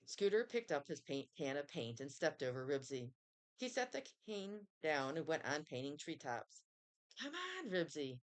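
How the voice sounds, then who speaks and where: Low lively lady reading a kids' chapter book, expressive storytelling. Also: normal speed. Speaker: reader. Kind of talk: children's book read-aloud.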